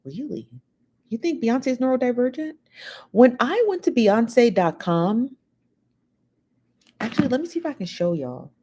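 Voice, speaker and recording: A woman's voice: fairly high pitch, very animated, measured pace, long pauses, mellow. A woman hosting a live show, chatting casually and reading out viewer comments in a rambling, gossipy way, full of fillers.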